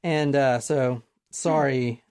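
Woman, podcast host, animated storyteller, casual swearing, acts out quotes. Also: a bass voice, slow pace. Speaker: podcast host telling a true crime story.

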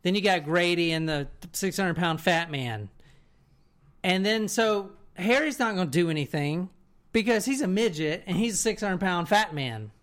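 At a normal speed and medium pitch, an animated podcast co-host tells a story in loose, rambling chat. The talk is full of swearing, and the speaker keeps checking in with the listener with "right?"

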